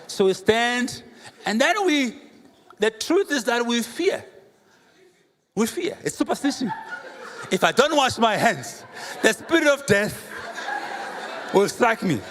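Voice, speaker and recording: A man, a pastor preaching a sermon with humorous, animated storytelling and rhetorical questions. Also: extremely high pitch, slow pace, pauses often. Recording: reverberant hall, faint room noise.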